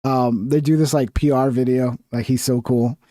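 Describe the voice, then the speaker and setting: A man's voice: medium pitch, fairly even intonation, moderate pace, warm tone, no echo. Angry man ranting in dry audio. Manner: heated, profane, exasperated ranting. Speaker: political commentator reacting to clips. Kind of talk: casual reaction commentary.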